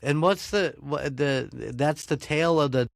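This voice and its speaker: A man's voice: a little high, measured pace, vocal fry, no room sound, studio quality. An American man hosting a podcast, chatting casually, swearing freely and laughing often. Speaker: podcast host. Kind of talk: casual chat.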